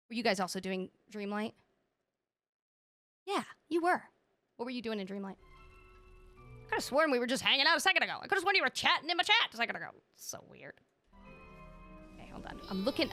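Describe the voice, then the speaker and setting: A woman streaming a video game, chatting to viewers in an excitable, exclaiming way. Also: fairly high pitch. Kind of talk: casual live-stream chatter.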